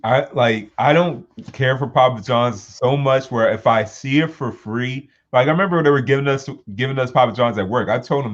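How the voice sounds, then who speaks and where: A man with an Atlanta accent speaks at an ordinary pitch, blunt and laid-back as he co-hosts a casual podcast. His audio sounds dull and lo-fi, as if it comes through a weaker mic. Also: moderate pace, hardly any pauses. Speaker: podcast co-host. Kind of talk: casual chat.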